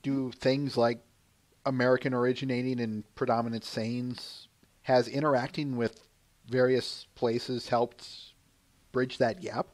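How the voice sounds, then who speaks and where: A man hosting an interview, reading out listener questions in a relaxed, low-key way. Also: a little slow, no echo. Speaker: podcast host.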